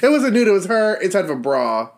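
A young man dishes gossip on a casual podcast, swearing freely and mimicking people as he tells the story. His voice sits high and swings widely in pitch. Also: fast talker, crowd noise. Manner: animated, profane storytelling with mocking voices. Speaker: podcast co-host.

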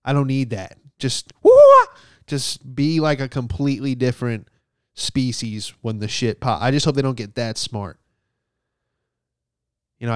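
A young man doing a stand-up bit, swearing freely and throwing himself into acted-out quotes. His voice comes through smooth and clear. The sound is dry and close. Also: medium pitch, dry recording. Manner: profane, animated storytelling with acted quotes. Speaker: stand-up comedian.

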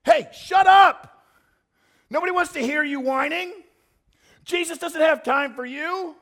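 A man voicing annoyed crowd members who loudly scold a beggar. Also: very high-pitched, very fast, pitched above the performer's own voice. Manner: loud, scolding shouts.

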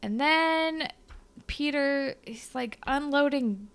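Gravelly young woman podcast co-host. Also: sits high. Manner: animated, acts out characters' lines in quick voices. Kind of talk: casual recap chat.

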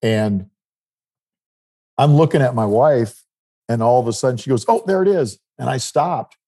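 A man's voice: mid-range voice, unhurried, warm tone. A middle-aged man from South Dakota telling a rambling travel story in casual chat. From South Dakota, United States. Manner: rambling anecdotal storytelling with restarts.

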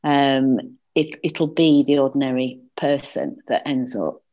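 A woman's voice: rumbling low, fairly even intonation, a little slow, a little mellow, lo-fi sound. A woman with a Northern English accent, speaking earnestly as a political campaigner in an interview, with frequent fillers and restarts.

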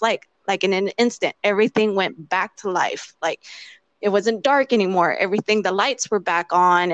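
A woman's voice: a little high, no room sound, muffled recording. Chatty woman telling a story, dry sound. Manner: rambling with many "like" fillers; acts out quoted dialogue. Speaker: interviewee. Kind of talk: casual storytelling.

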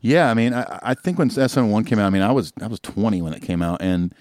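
Man, forties, podcast host, rapid chatty delivery, low voice. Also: animated, a little mellow, no echo, studio quality. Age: 40s. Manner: quick, chatty storyteller. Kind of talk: casual chat.

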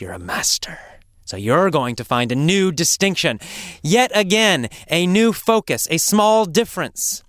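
A man gives a spoken English lesson with a lively, rising and falling voice, leaning hard on key words and slowing down for emphasis. His tone is smooth and clear, recorded close and dry with no room sound. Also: a little high, no room sound. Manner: slow, emphatic, deliberate delivery with dramatic hushed asides. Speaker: English teacher.

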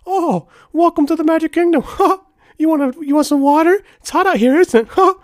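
Squeaky greedy cartoon mouse. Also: male voice, fairly quick, no echo, studio quality. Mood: mocking greedy. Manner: squeaky falsetto, cackling, foul-mouthed. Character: greedy price-gouging male cartoon mouse mascot.

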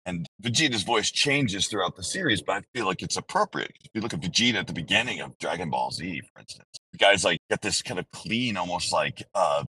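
A very low, bright-edged male voice with a husky grain, talking candidly and in long, rambling sentences that he keeps restarting. It sounds dry and close to the mic, with no room around it. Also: expressive, fairly quick, few pauses, poor audio. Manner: candid, rambling, self-interrupting. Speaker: voice actor guest. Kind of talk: casual interview conversation.

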